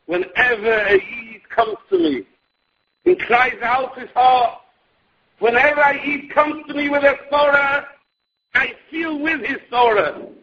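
A man voicing a wise old rabbi who speaks in a measured, firm way, in a dull lo-fi recording. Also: very high-pitched, pitched above the performer's own voice. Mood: earnest.

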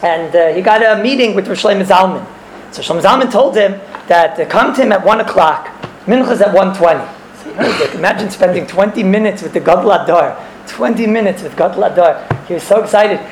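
A man's voice: high voice, fairly quick, a little hiss or hum. A man teaching a religious class, explaining a text and telling stories, mixing in Hebrew and Yiddish terms and repeating phrases. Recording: echoey room.

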